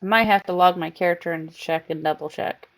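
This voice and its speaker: A woman's voice: lowish voice, fairly quick, slight background noise. A woman streaming a game live, chatting casually and cooing baby talk to her cat between comments on the game.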